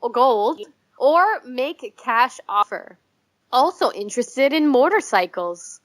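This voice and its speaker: A young woman co-hosting a podcast in casual chat, swearing freely, laughing often and rambling quickly. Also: on the high side, lively intonation. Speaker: podcast co-host.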